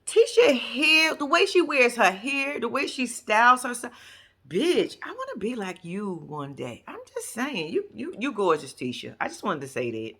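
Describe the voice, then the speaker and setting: A woman's voice: a little high, big pitch swings, normal speed, fairly bright tone. A woman giving casual reaction commentary on a reality show, blunt, sassy and profane, talking straight to her viewers.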